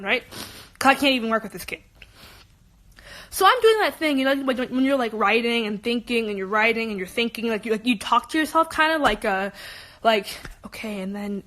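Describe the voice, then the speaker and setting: Teen girl, high voice, rants fast with lots of restarts, student venting. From Los Angeles. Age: teens. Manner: animated, rapid, many restarts. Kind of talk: emotional personal rant.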